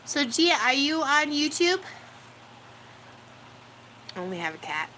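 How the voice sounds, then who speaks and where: Slow-talking woman chatting live from home. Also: sits high, sing-song, poor audio. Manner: rambling, coos baby talk to her dog between chat. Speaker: livestream host chatting with viewers. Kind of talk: casual live chat. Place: at home with her dog. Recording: loud background noise with dog sounds. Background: dog barking.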